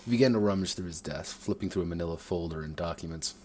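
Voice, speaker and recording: Man reading his own story, very low voice, stumbles and rereads lines, first-person narration. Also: fast, darkish tone, a little hiss or hum.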